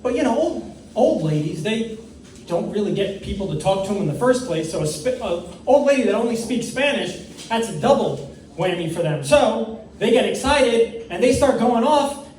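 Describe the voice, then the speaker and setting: A man's voice: high voice, expressive, normal speed, darkish tone, a little hiss or hum. A young man from New York doing a stand-up comedy set on stage, with a rehearsed, slightly stiff delivery and long setups. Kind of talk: stand-up set at an open mic. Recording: echoey room, mic far off.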